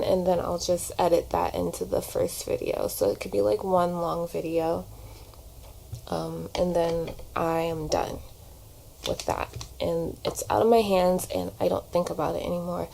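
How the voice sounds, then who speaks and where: A woman's voice: fairly low pitch, vocal fry, mellow, rough recording. A woman vlogger chatting casually while doing her makeup at home. She rambles a little and fills her talk with "like", recorded by a camera propped nearby. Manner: chatty, rambling, many "like" fillers. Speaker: vlogger and actor. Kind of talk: casual get-ready-with-me chat. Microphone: camera propped on a shelf.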